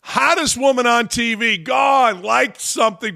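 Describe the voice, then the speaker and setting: A man with a high, gravelly voice rants, his tone bright and sharp. He is a sports talk host who turns heated and profane and mocks with blunt repetition. The sound is gruff and pointed all the way through. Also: big pitch swings, a little slow, few pauses. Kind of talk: ranting commentary.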